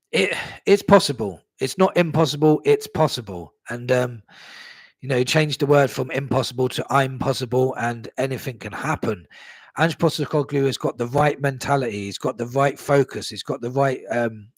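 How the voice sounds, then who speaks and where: A man's voice: medium pitch, no room sound. Blunt, swearing male football fan. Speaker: fan channel host. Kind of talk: live fan talk stream.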